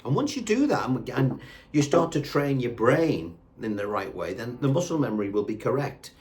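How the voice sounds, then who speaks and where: A man's voice: medium pitch, sing-song, moderate pace, darkish tone. A man teaching guitar casually, scatting rhythm syllables aloud while he plays. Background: acoustic guitar playing.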